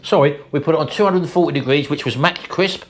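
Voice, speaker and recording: A man's voice: fairly high pitch, quick pace. A middle-aged man, chatting casually to viewers as host of a home cooking vlog, enthusiastic and calling them folks. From England. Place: home kitchen.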